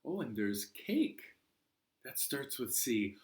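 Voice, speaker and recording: Gentle man leading a children's storytime. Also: medium pitch, sing-song, slow, roomy sound. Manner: gentle, sings with banjo.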